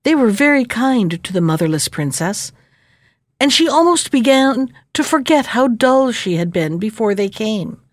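A woman narrating a fairy tale in a gentle, measured reading voice. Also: on the high side, expressive, no room sound, clean studio sound.

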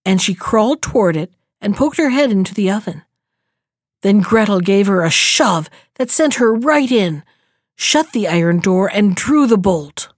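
A woman's voice: mid-range voice, lively intonation, normal speed, dry recording, studio quality. Woman reading a fairy tale aloud. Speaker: storyteller.

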